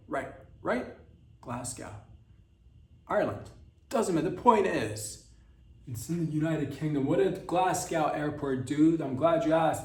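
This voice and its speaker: A man with a voice on the high side and a darkish tone hosts a comedy podcast. His monologue rambles and provokes, and he often cuts himself off to start over. The recording has a roomy echo.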